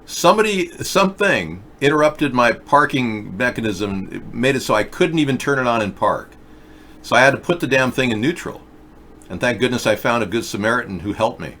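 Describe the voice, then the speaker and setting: A man's voice: mid-range voice, expressive, brisk, bright, forceful tone, slight background noise. A man hosting a casual video chat show, rambling through stories and reading viewer comments aloud. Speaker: show host.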